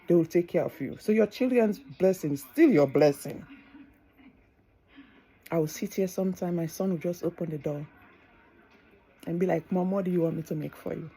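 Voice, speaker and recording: A woman's voice: on the low side, moderate pace, long pauses, warm tone, breathy edge, poor audio. A middle-aged woman, tearing up as she gives earnest, preachy advice in a vlog, repeating phrases for emphasis. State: tearful. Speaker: vlogger. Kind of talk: heartfelt advice monologue.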